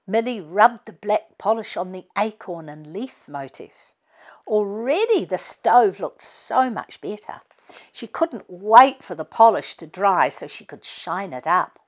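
Woman reading a children's storybook, gentle, slow pace, lively rise and fall. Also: mid-range voice. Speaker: author reading her own book. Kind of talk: children's storybook read-aloud.

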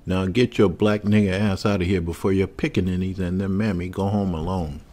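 Narrator doing a violent sneering clerk, threatening, dark husky voice. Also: male voice, deep voice, steady tone, fairly quick. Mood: menacing. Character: hateful young white store assistant, violent.

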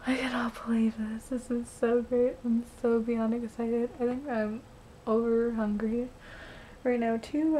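A young woman vlogging, overtired, gushing and repeating herself in breathless excitement. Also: a little high, slight background noise, low-quality recording. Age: young adult. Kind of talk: excited vlog talk.

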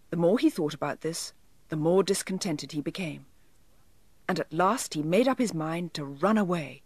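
A woman reading a children's story aloud in a gentle, clear, inviting way, recorded close in a studio. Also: fairly low pitch, normal speed, no room sound.

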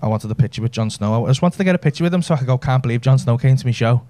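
A man's voice: mid-range voice, expressive, very fast, background noise. A man, telling a brash, sweary story in a stand-up set. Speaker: stand-up comedian. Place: comedy club stage with audience laughter.

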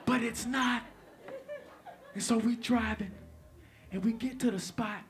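A man telling a stand-up comedy story onstage, animated and profane, swinging between loud bursts and hushed asides. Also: extremely high pitch, measured pace, some chatter behind. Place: comedy stage before live audience.

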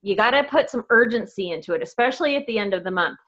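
A woman leading a casual team video call, bubbly and excitable, talking in a chatty, enthusiastic way. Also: mid-range voice, highs cut off. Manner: bubbly, excitable, quick to laugh. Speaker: team leader on a coaching call. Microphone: video call microphone.

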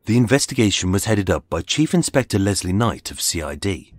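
Husky, low-voiced male true-crime narrator; dramatic, lively pitch, measured scripted delivery. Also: no room sound. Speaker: podcast narrator. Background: faint music.

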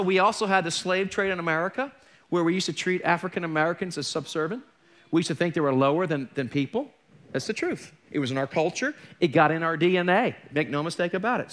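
In a church, a middle-aged male pastor delivers a sermon in a high, somewhat bright voice. He keeps it candid and conversational and slips in joking asides.

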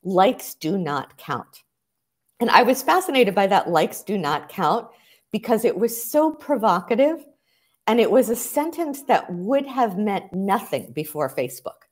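A woman historian answering interview questions in a measured, lecturing way, stressing her key points. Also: mid-range voice, darkish tone. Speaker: historian guest.

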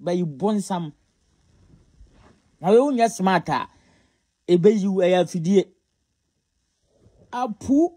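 A man's voice: high voice, expressive, takes it slowly, pauses often, mellow, husky. A Ghanaian man giving casual gossip commentary, mocking and scolding as he mixes Twi and English. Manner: scolding, mocking, often laughing.

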